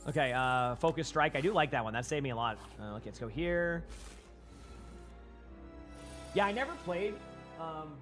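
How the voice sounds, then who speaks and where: A man's voice: fairly high pitch, lively intonation, brisk, music in the background. A young man with a Boston accent giving casual, rambling live-stream commentary while playing and chatting with viewers on a headset mic.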